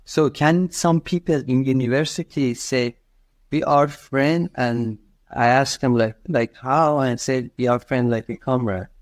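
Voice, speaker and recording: A man's voice: medium pitch, measured pace, dry recording. Hesitant male English learner. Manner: hesitant, searching for words. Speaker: English student. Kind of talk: conversation lesson.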